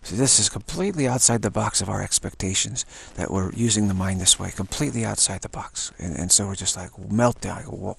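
Leading a meditation practice, a man speaks slowly and thoughtfully, saying the same word again and again between short lines. His voice sits lowish and sounds creaky and husky.

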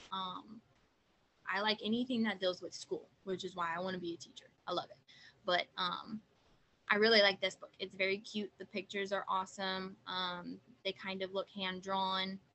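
A young woman reading picture books aloud to children, gentle and chatty, pausing to ask questions. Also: mid-range voice, slight background noise, low-quality recording. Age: young adult. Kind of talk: picture-book read-aloud.

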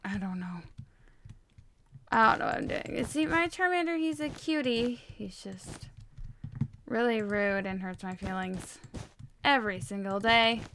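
Young woman gamer, bright voice, self-mocking rambling commentary, faint keyboard clicks behind. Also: on the high side, a little hiss or hum. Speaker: gaming channel host. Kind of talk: casual gameplay commentary.

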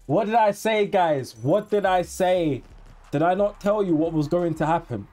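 A young man talking casually and excitedly over his football game, swearing and using slang as he reacts. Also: high voice, moderate pace, faint music behind. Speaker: gaming YouTuber. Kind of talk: casual gameplay commentary.

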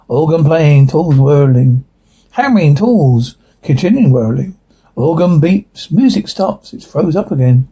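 A man reading a drama script aloud, sound cues and all, in a plain, even way. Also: fairly high pitch, measured pace, slightly rough, rough recording. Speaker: reader.

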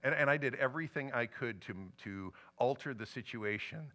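Bright-voiced man preaching a personal story. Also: medium pitch, fairly quick. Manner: personal storytelling with lively emotional swings. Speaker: pastor. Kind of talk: sermon. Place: church sanctuary.

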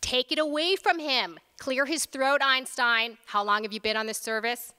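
A man's voice: extremely high pitch, normal speed, pushed and bright, smooth, full character voice. A woman voicing an impatient senior male doctor who gives curt, scornful orders. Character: brusque senior hospital doctor, impatient man. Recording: reverberant lecture hall.

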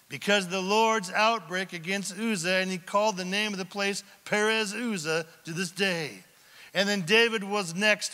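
A male pastor preaches in a church sanctuary, his voice high and bright as the sound rings through a long hall reverb. He reads scripture slowly, puts questions to the congregation, and drops from near-shouts to hushed whispers for drama. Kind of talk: sermon.

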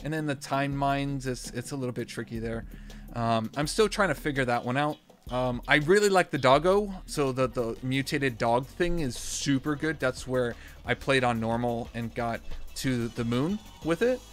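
A man streaming a game, rambling with lots of fillers and restarts, then bursting into shouts and laughs. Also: mid-range voice, normal speed, soft background music. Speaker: gaming streamer. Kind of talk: live gameplay commentary.

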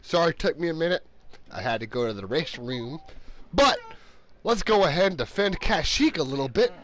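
A man's voice: fairly high pitch, sing-song, normal speed, fairly bright tone, a little hiss or hum. A man live-streaming a game, chatting loosely and a bit tipsy while he babysits a small child. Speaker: gaming streamer. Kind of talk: casual live-stream chat.

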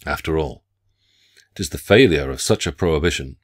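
A man delivering a scripted literature lecture in a measured, formal academic way. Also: very deep voice.

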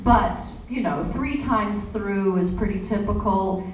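A woman's voice: medium pitch, takes it slowly. A woman voice actor answering questions on a convention panel, chatty and storytelling with many asides. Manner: chatty, warm storytelling with frequent "you know". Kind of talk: panel Q&A talk. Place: convention hall. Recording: echoey hall from far off, faint noise.

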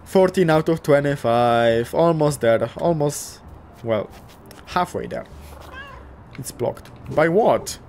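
A young man casually commentating a cute game, gushing, swearing lightly and talking to the characters, often jumping up into excited squeals. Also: on the high side, slow, slight background noise. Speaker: gaming YouTuber.

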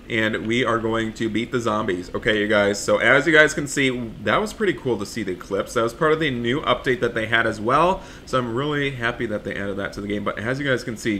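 A young man hosts a gaming video in a strikingly bright, forceful voice at an ordinary middle pitch. He comments on the action with lively energy, talks to his viewers constantly, and jumps into panicked shouts when the game turns scary. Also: slight background noise. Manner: animated, keeps addressing viewers as guys, shouts for help in panic. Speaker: gaming channel host. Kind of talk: excited gameplay commentary.

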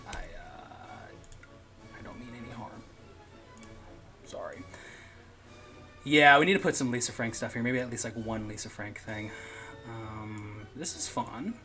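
A man's voice: medium pitch, unhurried, pauses often, music in the background. A man hosting a live stream, chatting casually and rambling, laughing often and dropping into murmurs and whispers. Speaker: streamer host.

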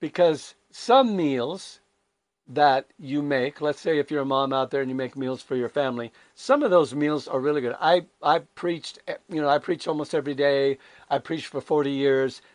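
A man's voice: a little high, moderate pace, no echo. An older man preaching a conversational devotional sermon, emphatic and candid, full of rhetorical questions. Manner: candid and self-deprecating.

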